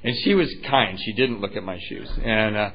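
A man telling his own recovery story at a meeting, animated and self-mocking, often laughing at himself. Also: on the low side, normal speed. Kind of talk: personal storytelling talk. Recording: muffled lo-fi recording.

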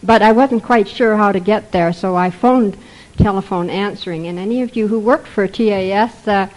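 A woman's voice: mid-range voice, moderate pace, darkish tone, poor audio. An older woman from Canada telling humorous recovery stories to a group, chuckling through her anecdotes. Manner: chuckling, anecdotal, with quoted voices. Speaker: speaker sharing recovery stories. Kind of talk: storytelling to a group.

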